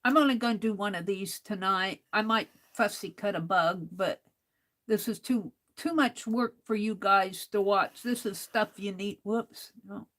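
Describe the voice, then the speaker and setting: A woman with a medium-pitched, fairly bright voice hosts a crafting livestream. She talks slowly and casually, chatting to herself as she works.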